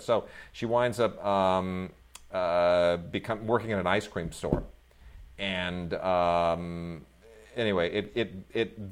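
A middle-aged man chatting about movies on a review show, his voice sitting fairly low. He rambles, restarts his sentences and fills gaps with ums, then flares up in animated outbursts. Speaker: film reviewer, co-host. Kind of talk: casual film review chat.

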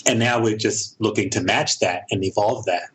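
A middle-aged American man, a director and producer, talks thoughtfully in a casual interview, often pausing and restarting his sentences. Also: fairly low pitch, steady tone, a bit bright, slightly rough, low-quality recording. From United States. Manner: thoughtful, halting, with frequent restarts.

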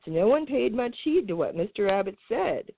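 A woman host reading a children's storybook aloud in an expressive, lilting way. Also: medium pitch, normal speed, creaky, no room sound. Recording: tinny phone-like sound.

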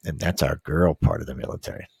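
A man's voice: rumbling low, steady tone, quick pace, vocal fry, a little mellow, husky. A man hosting a casual news talk, reading headlines and rambling bluntly with swearing and trailing-off sentences.

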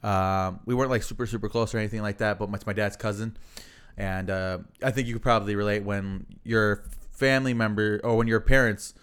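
A man co-hosting a casual podcast, speaking in a smooth, clean voice. He talks in a loose, rambling way, with lots of fillers and swearing as he tells his story. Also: on the low side, steady tone, fairly quick, fairly bright tone. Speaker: podcast co-host.

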